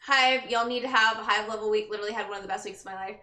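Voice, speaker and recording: Tired young woman streamer, bright highish voice, echoey room, faint music behind. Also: steady tone, racing. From Texas. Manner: chatty, greets viewers by name, tired. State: exhausted. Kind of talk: casual chat with viewers. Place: her bedroom.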